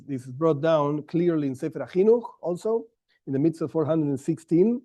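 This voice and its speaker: A man's voice: fairly high pitch, mellow. Man teaching a Torah class, stressing words. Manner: explanatory, stresses key words, frequent restarts.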